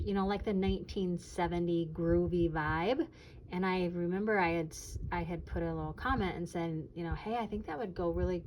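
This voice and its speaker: An older woman talks casually to her viewers about crafts, rambling along with plenty of ums and false starts. Her voice sits a little low for a woman. A faint hiss of background noise runs under the recording. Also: darkish tone, low-quality recording. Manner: chatty, rambling, many ums and restarts. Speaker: junk journal channel host. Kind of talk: casual chat to camera.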